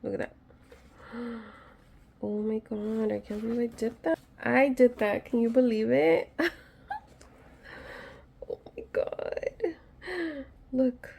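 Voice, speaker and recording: In a casual tutorial, a woman mends a craft project at home and jokes nervously about her technique while addressing viewers. Her slightly high voice is level and unhurried, darkish in tone, with vocal fry and long pauses.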